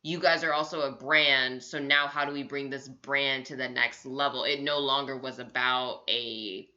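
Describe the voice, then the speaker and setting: Low-pitched woman, chatty podcast reviewer. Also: steady tone, moderate pace, pushed and bright, dull audio. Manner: chatty, hedging, full of "like" and "you know". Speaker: podcast co-host. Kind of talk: casual pop-culture review chat. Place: lives in New York.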